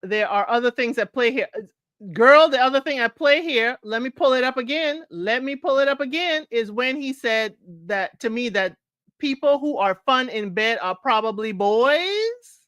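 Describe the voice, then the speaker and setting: A woman's voice: a little high, moderate pace, dry recording. Exasperated woman host reading online posts. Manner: animated, exasperated, talks straight to listeners. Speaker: advice show host.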